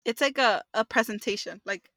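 A woman co-hosting a podcast, calmly giving quiz hints in a low-key way. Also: normal speed, dry recording. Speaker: podcast co-host, quiz master. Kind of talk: casual chat.

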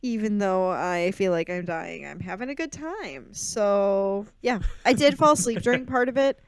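A woman co-hosting a podcast over a remote call, quick to react with sarcastic, playful teasing. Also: medium pitch, clean tone, dry recording. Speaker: podcast co-host. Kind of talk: casual chat. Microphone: remote call mic.

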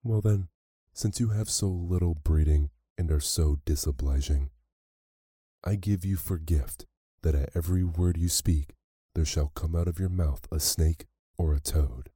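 A man voicing a kindly female fairy in a storybook reading, speaking gently and formally in a raised voice. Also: low-pitched, measured pace, breathy edge, dry recording, clean studio sound. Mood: stern. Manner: gentle, formal old-fashioned speech.

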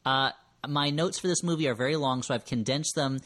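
A man's voice: mid-range voice, brisk, fairly bright tone. A man hosting a podcast, recapping a movie in casual chat with wry, rambling asides and frequent self-corrections. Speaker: podcast host.

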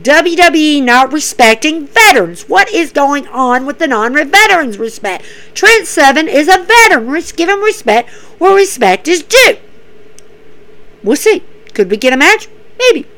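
A woman hosting a casual wrestling recap, excitable and animated, acting out what the wrestlers say. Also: on the high side, poor audio. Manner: excitable, animated, acts out quotes.

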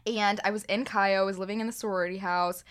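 A young woman in her twenties co-hosting a casual podcast, chatty and animated, filling her sentences with "like". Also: mid-range voice, fast, clear, resonant tone. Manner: chatty, heavy use of "like", animated retelling. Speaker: podcast co-host. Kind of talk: casual chat.

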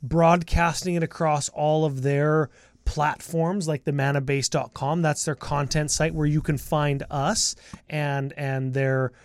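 A man co-hosting a podcast, reading sponsor spots and explaining his thoughts in a steady, teasing way. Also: a little high, measured pace, no room sound. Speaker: podcast co-host. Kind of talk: casual podcast talk and sponsor reads. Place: podcast recording booth.

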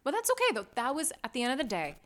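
A woman's voice: sits high, huge pitch swings, a bit bright. Reflective woman from Poland. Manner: earnest and reflective, halting, often trailing off. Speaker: podcast co-host. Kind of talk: casual chat.

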